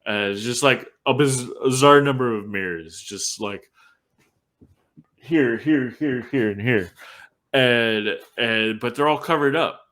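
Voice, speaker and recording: A man's voice: mid-range voice, slow pace, a bit bright. A man hosting a casual film-review podcast, rambling through a retelling with many "like"s and restarts. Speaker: podcast host.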